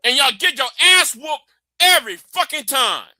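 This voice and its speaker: A man hosting a live stream in a high, sharp, piercing voice. He rants with heated, profane fire and often breaks into shouts. The sound is close and dry, with no room echo. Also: big pitch swings, moderate pace. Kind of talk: ranting live stream monologue. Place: warm indoor room with a fan.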